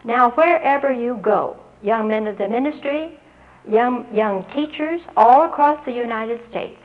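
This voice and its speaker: A woman telling an audience how she taught a student to read. She speaks earnestly and spells out letters and their sounds slowly. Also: on the high side, phone-quality sound. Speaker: literacy teacher giving a talk. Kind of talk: storytelling address to an audience.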